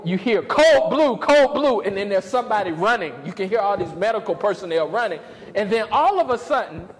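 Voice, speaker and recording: A man giving a lively, humorous storytelling lecture in a lecture hall and calling out to the audience. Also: high voice. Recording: reverberant hall, faint noise.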